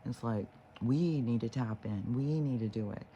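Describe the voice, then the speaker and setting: A man's voice: mid-range voice, moderate pace, mellow, dull audio, slight background noise. A man talking in a loose, rambling monologue, swearing freely and restarting his sentences as he goes. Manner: rambling, profane, full of fillers and restarts. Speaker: spiritual vlogger.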